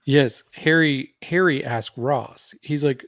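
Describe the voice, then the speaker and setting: Man, podcast co-host, casual chat, relaxed, dry recording. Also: medium pitch, normal speed, dry recording.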